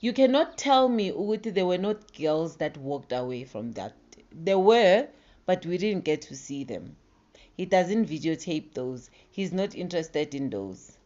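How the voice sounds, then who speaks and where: A South African woman giving casual commentary in a dramatic way, dropping to hushed tones and then getting emphatic. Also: low voice, animated, moderate pace, dull audio.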